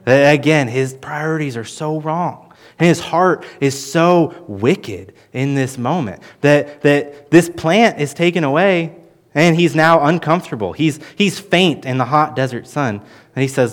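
A man teaching through a Bible passage in an earnest sermon, with lively emphasis and frequent restarts. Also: a little high, unhurried. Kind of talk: expository sermon.

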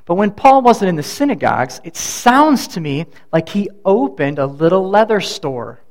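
A middle-aged man preaching a sermon, his voice pitched a little above the usual for a man. He speaks conversationally rather than formally and often turns aside to speak to people in the congregation by name. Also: very animated, moderate pace. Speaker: pastor.

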